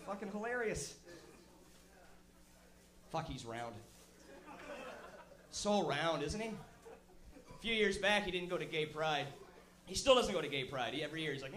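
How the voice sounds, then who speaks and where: A man, a comedian host, doing a crude, animated stand-up rant at a live show. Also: sits high, normal speed. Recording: echoey live room.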